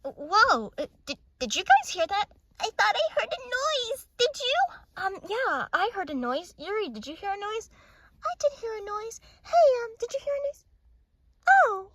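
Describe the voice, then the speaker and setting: A woman voicing anime schoolgirls at a sleepover in a plush toy video, with excitable, quick back-and-forth chatter. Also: extremely high pitch, slight background noise, full character voice. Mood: lively.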